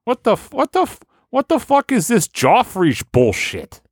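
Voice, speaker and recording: A podcast host voicing a loud, crude young Boston bro with a brash, swearing manner and a heavy Boston accent. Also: male voice, very high-pitched, wildly swooping pitch, moderate pace, breathy edge, no echo, clean studio sound, voice pushed up, exaggerated voice. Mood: outraged.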